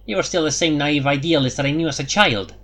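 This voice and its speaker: A man's voice: on the high side, quick pace, a bit bright, pitched above the performer's own voice. A man voicing a cold, calculating woman envoy in an audiobook, curt and skeptical. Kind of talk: audiobook character voice.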